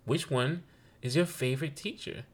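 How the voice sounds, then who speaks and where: A man with a New York accent, co-hosting a podcast in casual chat, animated and acting out his children's voices in his stories. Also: mid-range voice, normal speed, slightly rough. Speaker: podcast co-host.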